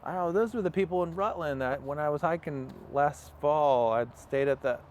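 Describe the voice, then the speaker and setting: A man's voice: fairly high pitch, normal speed, a little mellow, a little hiss or hum. A young man, an interview guest, telling a long personal story in a casual, rambling way with many fillers and acted-out quotes. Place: outdoors on a farm.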